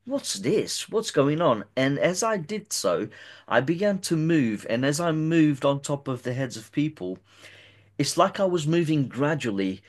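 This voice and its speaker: A man in an interview tells a long personal story. His voice sits at an ordinary middle pitch. He talks in a halting way, often stumbling and repeating words as he goes.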